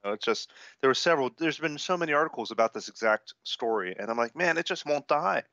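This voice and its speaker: A man's voice: mid-range voice, expressive, fast, bright, forceful tone. A male tech correspondent talking casually and a little ramblingly, voice in a middle range. His sound is dull and lo-fi, as if from a remote line. It is dry, with no room echo. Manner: easygoing, conversational, slightly rambling. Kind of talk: casual tech talk chat.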